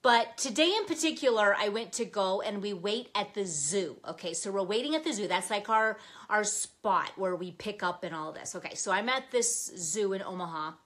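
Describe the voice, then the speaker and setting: An older woman hosting a live planner stream, chatting in a gushing, excitable way, with frequent "okay?" and bursts of laughter. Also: medium pitch, normal speed, hardly any pauses. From Nebraska, US. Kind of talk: casual live-stream chat.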